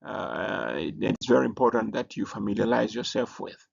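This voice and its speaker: Teacher, male, gravelly voice, halting explainer with frequent restarts, muffled lo-fi recording. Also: on the low side, animated. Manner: halting, many fillers and restarts. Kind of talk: recorded lesson presentation. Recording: dull lo-fi recording.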